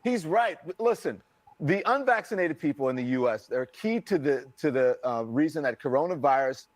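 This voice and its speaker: A man with a high, animated voice parodies a TV host with mock earnestness. His pitch swings widely, and the sound is dry. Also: moderate pace, no echo. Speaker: panelist. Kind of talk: casual chat.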